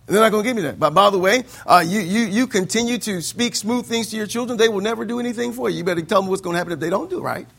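Preacher, male, high and bright, call-and-response delivery. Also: rapid-fire, gravelly, hardly any pauses. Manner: swings from loud declaiming to quiet asides. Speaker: pastor. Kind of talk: sermon.

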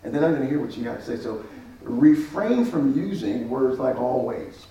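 A man's voice: medium pitch, animated, normal speed, warm tone, muffled recording. A man preaching as a pastor, teaching on marriage and acting out both sides of an argument with repeated phrases. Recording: echoey hall, mic at a distance.

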